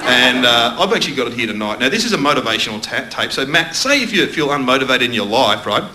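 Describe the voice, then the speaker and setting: A man's voice: mid-range voice, sing-song, fast talker, sharp tone. An Australian man from Melbourne doing a stand-up comedy set, bantering loosely with the audience and mocking himself. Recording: noisy live club recording.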